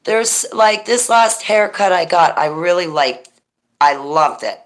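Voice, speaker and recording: A middle-aged woman with a deep, smoky voice, hosting a rambling, goofy livestream chat and thanking viewers as she goes. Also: lively intonation, a little slow. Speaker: livestream host.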